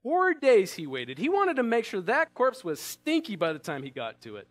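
A man's voice: high voice, wildly swooping pitch, moderate pace. A man preaching a sermon in a conversational way, asking the congregation rhetorical questions. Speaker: pastor.

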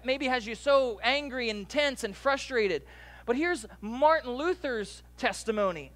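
A pastor preaching a sermon in a relaxed, conversational way, with asides and quick jokes to the congregation. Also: male voice, very high voice.

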